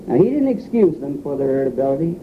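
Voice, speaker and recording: A man's voice: a little high, sing-song, quick pace. A man preaching a sermon in an earnest, emphatic way, acting out the quotes he gives. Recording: tinny phone-like radio broadcast with faint hiss.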